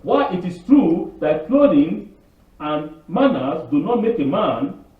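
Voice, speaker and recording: A man giving an informal, rambling sermon, asking rhetorical questions and answering them himself, and acting out other people's voices with big jumps in pitch. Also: big pitch swings, measured pace. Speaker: spiritual leader giving a weekly Torah talk. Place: Canada. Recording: distant, echoey, phone-like room recording.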